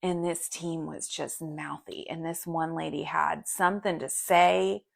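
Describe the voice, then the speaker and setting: A woman's voice: low-pitched, a little slow, vocal fry. A woman in her thirties co-hosting a podcast, telling stories in casual chat with lots of fillers. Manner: animated storytelling with many fillers. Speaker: podcast co-host.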